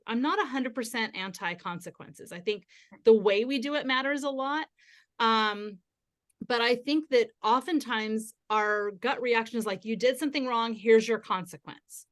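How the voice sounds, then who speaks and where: A woman guest on a podcast interview, explaining parenting ideas in a steady, instructive way. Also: fairly high pitch. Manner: acts out gentle parent quotes.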